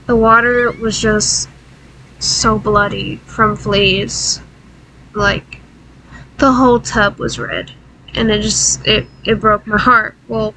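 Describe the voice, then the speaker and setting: A woman's voice: fairly high pitch, a bit bright, slight background noise, rough recording. Tearful young-sounding woman telling a sad story. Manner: halting, pausing, tearful. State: crying. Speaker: vlogger. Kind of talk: emotional personal story.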